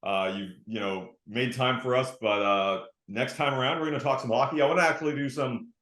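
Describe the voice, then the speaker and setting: Male show host, warm and enthusiastic, roomy echo on the voice. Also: mid-range voice, fairly even intonation, a little fast. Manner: enthusiastic, friendly. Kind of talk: casual interview chat.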